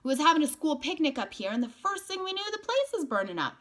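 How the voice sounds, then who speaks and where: A woman doing a loud hearty grown man. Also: sits high, sing-song, fast, pitched above the performer's own voice. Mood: good-natured. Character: friendly grown man at a picnic.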